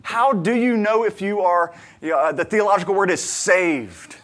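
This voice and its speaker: Man, pastor, sermon, slightly high voice, earnest, conversational, emphatic questions. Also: expressive, normal speed. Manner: earnest, conversational, swings between quiet asides and emphatic questions. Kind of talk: sermon with personal storytelling.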